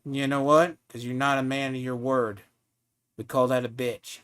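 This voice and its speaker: Man, game streamer, profane, mocking, heated rant, average pitch. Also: level tone, moderate pace, fairly bright tone, smooth.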